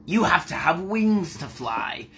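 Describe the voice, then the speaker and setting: A man's voice: on the high side, very animated, takes it slowly, gravelly, sharp tone, slight background noise, pitched above the performer's own voice, heavily acted. A man doing a sneering haughty seagull. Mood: scornful. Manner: sneering, drawn out.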